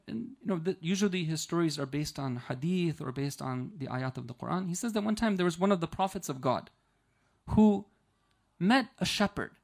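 A man's voice: fairly high pitch, darkish tone. Conversational male Islamic lecturer. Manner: conversational, with frequent rhetorical "right?" checks. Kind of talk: storytelling lecture.

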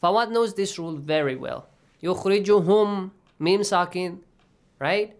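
A man's voice: high voice, animated, normal speed, gravelly. A man teaching Quran recitation rules, patiently quizzing his students by name and slipping into recitation. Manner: switches into Arabic recitation. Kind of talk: online tajweed lesson.

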